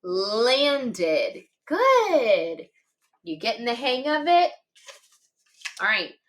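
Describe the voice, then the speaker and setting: A woman's voice: high voice, wildly swooping pitch, slow, fairly bright tone. A woman teaching a phonics lesson to young children, patiently sounding out letters and words one at a time and encouraging her listeners. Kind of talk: slow, clearly enunciated phonics lesson for children.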